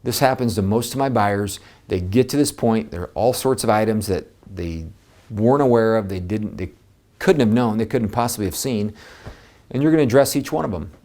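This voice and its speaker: A man giving an energetic, conversational coaching talk to real estate agents, speaking with emphasis. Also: lowish voice, fairly quick.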